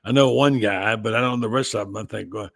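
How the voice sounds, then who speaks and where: An older man hosting a sports talk show, chatting casually and telling folksy stories in drawn-out phrases. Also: lowish voice, creaky, fairly bright tone, no room sound. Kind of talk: casual chat.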